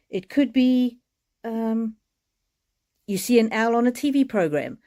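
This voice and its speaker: A woman's voice: fairly high pitch, expressive, measured pace, long pauses, dark tone. A middle-aged woman giving a live-streamed oracle card reading in a tender, soothing and emotional manner.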